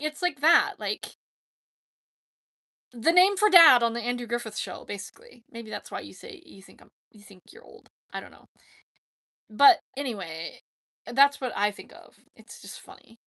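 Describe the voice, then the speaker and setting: A woman hosting a casual question-and-answer chat, talking in a rambling, chatty way with lots of "like" and quick laughs. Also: a little high, creaky, pushed and bright. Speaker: host answering viewer questions.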